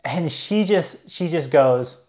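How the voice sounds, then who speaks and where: A man's voice: a little high, lively intonation, slow pace, a little mellow. Chatty young man telling a story. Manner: chatty, many filler likes and restarts. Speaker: travel vlogger. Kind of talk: casual storytelling.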